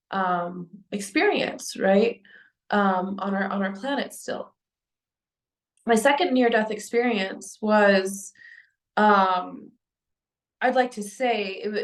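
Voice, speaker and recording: Young woman talking earnestly to camera, lots of ums and restarts, echoey room. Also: medium pitch. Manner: earnest, halting with many restarts and fillers. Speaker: spiritual vlogger. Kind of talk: personal testimony to camera.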